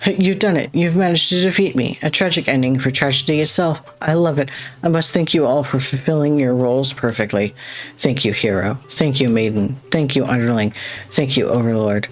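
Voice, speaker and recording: A gamer reading lines as a masked theater playwright who loves bad endings, courteous, theatrical and softly melancholy, over faint game music. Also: medium pitch, normal speed, lightly acted. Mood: gracious.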